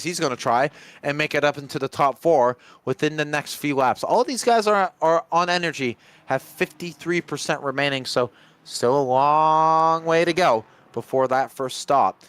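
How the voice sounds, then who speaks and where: A man giving live commentary on a sim race, chatty and getting excited in close battles. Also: mid-range voice, moderate pace, smooth. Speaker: lead commentator.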